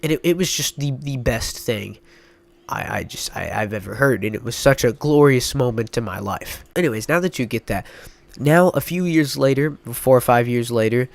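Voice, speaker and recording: A man's voice: mid-range voice, expressive, normal speed, vocal fry. A young man with a stuffy nose telling a rambling, mock-dramatic storytime vlog, full of filler words. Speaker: YouTuber.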